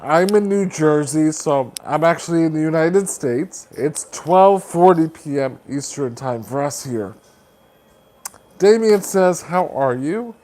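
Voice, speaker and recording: A man's voice: a little high, darkish tone. A man hosting a livestream, chatting casually and upbeat as he reads out viewer comments and rallies support. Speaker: livestream host.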